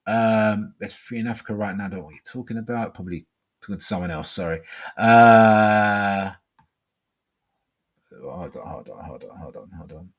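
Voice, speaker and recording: A man's voice: on the low side, moderate pace. A middle-aged man hosting a live call-in show, talking in a rambling way full of fillers.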